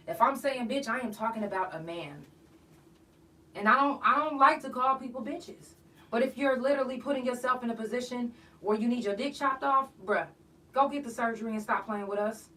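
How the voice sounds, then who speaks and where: A woman's voice: fairly high pitch, sharp tone. A woman hosting a podcast, ranting bluntly and profanely in an emphatic, outspoken monologue. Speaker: podcast host. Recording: voice a bit far from the mic.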